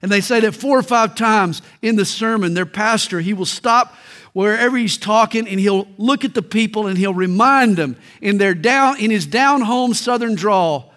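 Male pastor, high voice, middle-aged, storytelling sermon delivery with emphatic slowdowns. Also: a bit bright.

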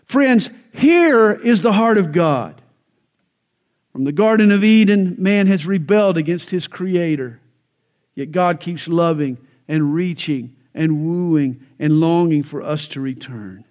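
A man's voice: a little high, slow, a little mellow. A male pastor preaching a sermon, telling jokes and stories, then building to fervent emphasis.

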